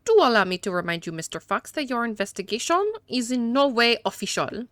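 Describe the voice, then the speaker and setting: A woman's voice: fairly high pitch, sing-song, fairly quick, a bit bright, dry recording, pitched above the performer's own voice. Smug old dandy gent in a put-on french accent, prissy and formal, a woman doing it. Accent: attempted French. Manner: haughty, formal. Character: dandified older man, smug and condescending.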